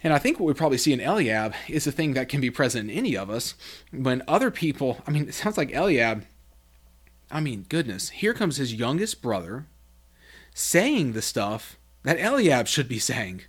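A man hosting a Bible study podcast, reading scripture aloud and explaining it, acting out quoted lines with big pitch jumps. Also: big pitch swings, normal speed, breathy edge.

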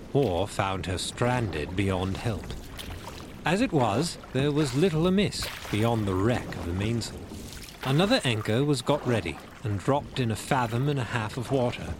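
A man narrating a classic adventure novel in a measured, expressive reading. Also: medium pitch, background noise. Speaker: audiobook narrator. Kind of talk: storybook reading.

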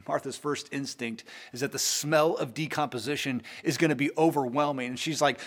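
A man preaching a sermon in a conversational way, with frequent word repeats, who swings between soaring emphatic peaks and hushed lows. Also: fairly even intonation, normal speed.

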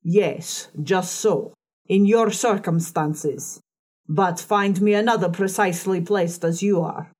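A woman voicing a harsh, decided old female fortune teller in an audiobook reading, speaking slowly and deliberately. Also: on the low side, a little mellow. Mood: probing.

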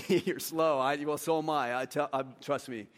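A pastor delivers a sermon with lots of animation at a moderate pace. He acts out back-and-forth dialogue with his congregation, his voice leaping high and loud for emphasis before sinking to a hush.

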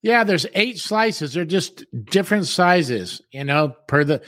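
A man's voice: high-pitched, animated, a little slow, fairly bright tone, no echo, clean studio sound. A man co-hosting a casual chat show over a video call, ranting and swearing, acting out customers in put-on voices. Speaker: co-host.

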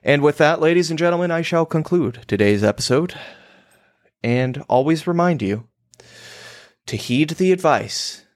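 A man's voice: on the high side, expressive, moderate pace, pauses often, no room sound, studio quality. A man hosting his own show, delivering a crude, emphatic monologue on copywriting. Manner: emphatic, provocative, crude and theatrical.

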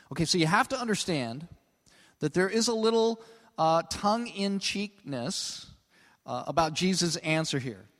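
Casual male pastor, sermon in a large hall with long reverb, animated, keeps saying "okay?". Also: on the high side. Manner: conversational, peppered with 'okay?'; animated, stretches key words for emphasis.

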